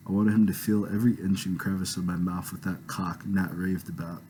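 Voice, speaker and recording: A man's voice: low-pitched, steady tone, brisk, dark tone, a little hiss or hum, rough recording. A man reading his own novel aloud with a home microphone, casual and self-conscious in his asides. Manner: laughs off awkward passages, casual.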